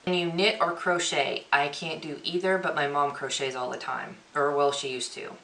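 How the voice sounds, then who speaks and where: A woman's voice: low-pitched, steady tone, moderate pace, a bit bright. A young woman vlogger chatting through a question-and-answer tag video, reading each question aloud and answering offhand. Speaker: beauty vlogger. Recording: echoey room.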